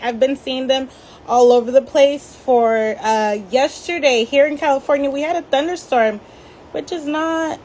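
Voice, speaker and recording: A woman's voice: high voice, a little mellow, a little hiss or hum, poor audio. A woman hosting a live online book signing in a bubbly, chatty way, laughing often, over a video call. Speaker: bookstore host. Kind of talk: casual live-stream interview. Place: home setup in California.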